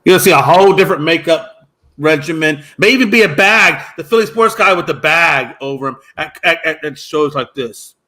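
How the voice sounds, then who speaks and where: A man co-hosting a sports talk show, arguing his point with emphatic, animated delivery that jumps up at times. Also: a little high, brisk. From United States. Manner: animated, emphatic, rising to shouts. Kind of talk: casual sports debate.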